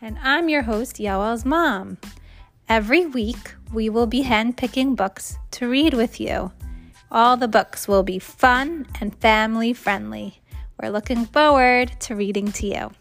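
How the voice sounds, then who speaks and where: A woman's voice: a little high, a little slow, fairly bright tone, soft background music. A woman hosting a children's read-aloud, narrating a storybook. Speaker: host, reading to children.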